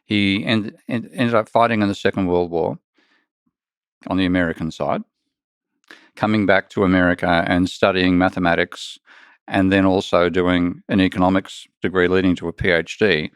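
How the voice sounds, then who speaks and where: Australian male guest, blunt joking storyteller, lowish voice, dry close sound. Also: steady tone, moderate pace, clean tone, no room sound. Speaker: guest economist. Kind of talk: casual conversation.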